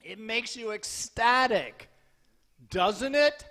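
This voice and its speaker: A man with a very high voice gives a lively sermon in a temple hall. He tells stories with humor and acts out the dialogue. Then he turns urgent and spurs his listeners to keep their enthusiasm. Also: slow. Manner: urgent and exhorting. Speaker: lecturer giving a scripture class.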